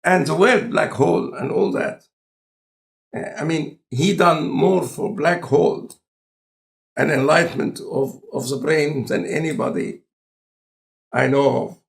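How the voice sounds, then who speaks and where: Egyptian-accented man, gravelly. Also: a little high. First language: Arabic. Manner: deliberate, halting phrasing with non-native grammar. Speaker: scientist in conversation. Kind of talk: relaxed conversational lecture.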